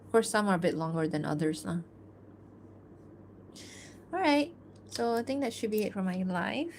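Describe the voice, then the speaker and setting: Give me a casual, mid-pitched woman chatting on an art stream over faint background ambience, loose and rambling. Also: expressive, moderate pace, slight background noise. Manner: chatty and loose, full of "like" and small laughs; reads fan-fiction narration aloud. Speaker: artist streaming her work. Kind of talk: casual livestream chat.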